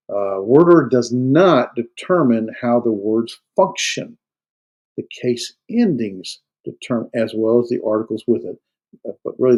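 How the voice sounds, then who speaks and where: A man's voice: mid-range voice, dark tone, low-quality recording. A man teaching a Greek grammar class, explaining step by step with many fillers, restarts and hard stress on key words. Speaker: Greek instructor. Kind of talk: classroom lecture. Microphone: recorded lecture.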